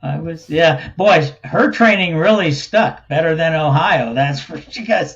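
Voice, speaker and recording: A man's voice: on the high side, measured pace, a bit bright, highs cut off. A man speaking as a guest in a casual interview, rambling in a folksy way and laughing often. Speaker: guest, think tank cofounder.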